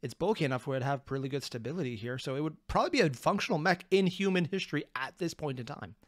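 A man hosting a reaction video, excitable and rambling, with self-deprecating asides, on a close mic. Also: on the high side, fast, no echo. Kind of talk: reaction commentary.

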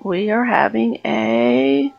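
A woman giving casual Let's Play commentary on a life-simulation game, chatting and voicing her character's reactions in quick asides. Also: on the high side, sing-song, gravelly, lo-fi sound, soft background music. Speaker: gaming YouTuber.

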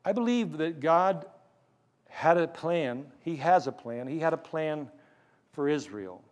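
A man with a high, light voice preaches a sermon from the pulpit. He tells a Bible story in a storytelling way and acts out the lines of the figures in it. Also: animated, a little slow, long reverb tail. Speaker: pastor.

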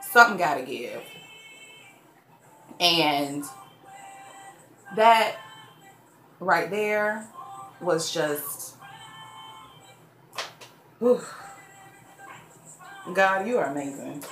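A beauty vlogger with a lowish, fairly bright voice does a get-ready-with-me makeup chat in a room with echoey sound. She grows emotional as she testifies about her faith.

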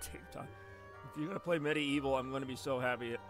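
A man's voice: mid-range voice, quick pace, fairly bright tone, faint music behind. A man streaming a game live, rambling and joking as he chats with his viewers. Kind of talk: casual live stream gameplay commentary.

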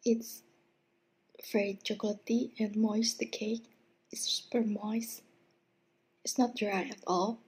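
Breathy whispering woman. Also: steady tone, unhurried. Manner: soft, breathy whispering that drifts into a low murmur. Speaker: ASMR mukbang host. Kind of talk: whispered ASMR food review.

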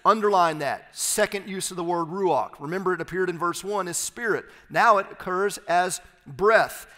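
A man preaching an expository sermon as pastor, reading scripture aloud and explaining it with emphatic, slowed phrases. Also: sits high, pushed and bright, long reverb tail. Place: church sanctuary.

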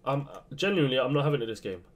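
A young man commentating his own football video game match, swinging between low muttering and sudden shouts. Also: very fast. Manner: excitable, swings from muttering to yelling. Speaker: gaming youtuber. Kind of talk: live gameplay commentary.

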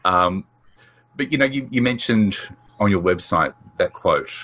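A man's voice: sits low, animated, a little slow, bright, forceful tone. A man hosting a podcast interview, listening attentively and affirming his guest. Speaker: podcast host.

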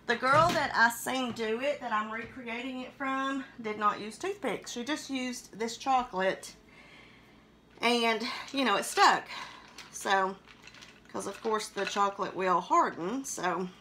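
A woman's voice: fairly high pitch, pushed and bright, slight background noise, low-quality recording. A woman hosting a chatty live cooking stream, greeting viewers by name and laughing often in a folksy way.

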